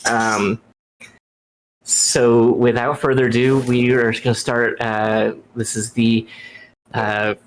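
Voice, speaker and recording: A man narrating as game master over a video call, relaxed and full of fillers. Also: medium pitch, slow, slight background noise. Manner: relaxed, many fillers and restarts.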